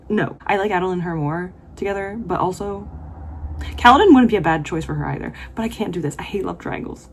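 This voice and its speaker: A woman's voice: on the low side, quick pace, slight background noise. A woman vlogging as she reads a novel, reading passages aloud and then gushing about them with emotion, sometimes dropping to a whisper. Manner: breaks into whispers and laughter. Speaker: book vlogger.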